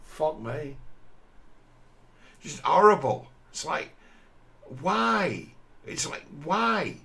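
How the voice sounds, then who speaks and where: A man's voice: on the high side, very animated, drawn-out words, gravelly, sharp tone. A man giving a crude, scornful commentary over a video, often mimicking the people he mocks.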